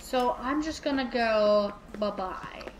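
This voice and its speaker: A woman's voice: a little high, slow pace, slight background noise. A woman playing a horror game and commenting, panicky, swearing and repeating words in frantic bursts. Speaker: let's play gamer.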